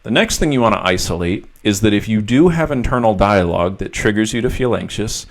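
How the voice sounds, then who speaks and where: A man working as a mental health coach, giving an instructional monologue and walking through steps one by one. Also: on the low side.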